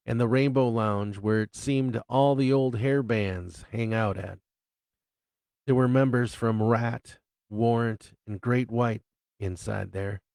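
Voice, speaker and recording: A man reading his own novel aloud as an unhurried storyteller with crude humor. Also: lowish voice, gravelly, darkish tone, dry recording. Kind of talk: live reading of fiction.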